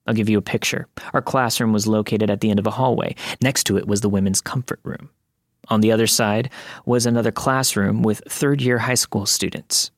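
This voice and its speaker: Guy reading a creepy true story, lowish voice, steady pace, dry close mic. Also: dry recording. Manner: measured, steady storytelling delivery. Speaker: podcast narrator reading listener stories. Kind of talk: scripted first-person story narration.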